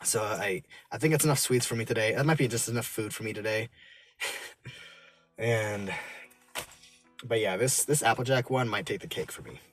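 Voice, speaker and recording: A man casually reviewing drinks from his car, halting and full of fillers and restarts, chuckling often. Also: on the low side, faint music behind.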